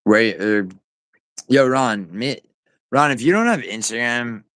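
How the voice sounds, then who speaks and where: A man's voice: mid-range voice, expressive, a little slow, a bit bright, dry recording. A man hosting a casual livestream, answering chat viewers by name in a loose, rambling way. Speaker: livestream host.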